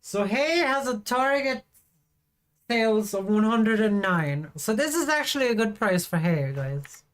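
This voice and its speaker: A playful woman live-streaming a game, chatting with viewers in an unhurried, drawn-out way. Her voice sits a little high, and she giggles as she teases people in chat. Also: lively intonation.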